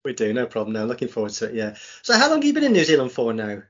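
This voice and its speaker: A man's voice: mid-range voice, huge pitch swings, rapid-fire, fairly bright tone, husky. A man hosting a podcast, introducing his guest and asking friendly, easygoing questions. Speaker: podcast host. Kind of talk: interview. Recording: dull lo-fi sound.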